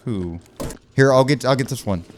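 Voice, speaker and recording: A man's voice: medium pitch, animated, moderate pace, noisy background. A young man rambling and joking his way through casual gameplay commentary. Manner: rambling, jokey, puts on loud emcee shouts. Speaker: gaming YouTuber.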